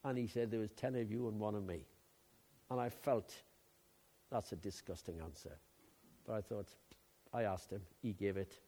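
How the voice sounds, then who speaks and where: An older man from Wales preaching a sermon, swinging between loud emphatic outbursts and quiet asides. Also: fairly low pitch. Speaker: pastor.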